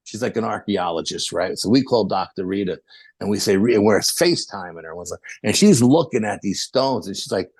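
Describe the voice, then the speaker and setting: A man, a podcast guest telling a rambling, animated story full of quoted dialogue. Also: on the low side, a little fast, husky, no echo. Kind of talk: casual storytelling.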